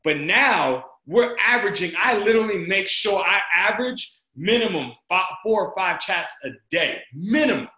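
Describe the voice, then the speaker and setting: High, bright-voiced man on a video call. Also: moderate pace, hardly any pauses, reverberant, low-quality recording. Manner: energetic, repetitive, addresses the group as "guys". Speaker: team leader on a group video call. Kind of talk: motivational team training talk.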